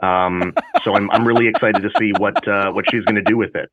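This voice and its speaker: A man joins a podcast as a guest and speaks haltingly, stopping often on fillers. His voice sits slightly low. The audio is thin and phone-like, as if coming over a call. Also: fairly even intonation, a bit bright, no echo. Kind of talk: casual chat.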